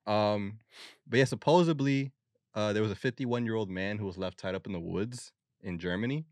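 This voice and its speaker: A young man co-hosting a podcast, telling stories in a laid-back, slangy way. His voice sits very low, and the sound is close and dry with no room around it. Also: moderate pace, a little mellow, no room sound. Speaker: podcast host. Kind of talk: casual chat.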